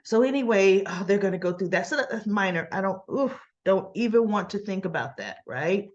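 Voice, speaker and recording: A woman's voice: mid-range voice, expressive, a little fast, dull audio. A woman casually recapping soap opera scenes, retelling them in quoted lines with chatty asides.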